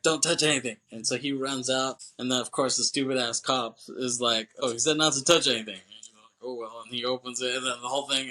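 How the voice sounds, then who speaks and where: A male podcast host recaps a film with loose, animated energy, jumping into quick impressions of the characters and laughing along the way. His voice is bright and forward. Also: medium pitch. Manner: animated retelling, acts out character lines, laughs often, swears. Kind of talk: casual movie recap.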